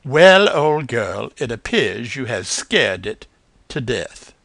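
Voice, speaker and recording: A pompous gentleman bird from a storybook, stiff and self-important, as a man plays him. His voice is lively and gravelly, recorded close and dry. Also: medium pitch, slow, no echo, exaggerated voice. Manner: pompous, old-fashioned gentlemanly speech.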